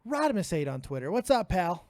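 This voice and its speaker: High-voiced excitable male stream host. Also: brisk, a crowd in the background. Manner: laughs often, swears freely, excitable. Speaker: livestream host taking calls. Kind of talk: casual live call-in chat.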